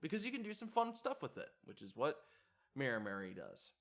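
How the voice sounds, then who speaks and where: A man with a gravelly, fairly bright mid-range voice talks a little fast, with huge pitch swings. As host of a video essay, he reflects on horror sound design hesitantly, often using fillers and restarting.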